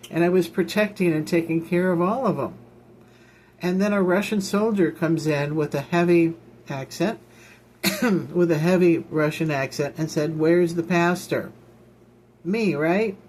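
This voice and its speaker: A woman's voice: on the low side, darkish tone, slight background noise. A woman minister from Illinois, giving an informal, rambling ministry talk with folksy asides and repeated phrases. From Illinois, United States.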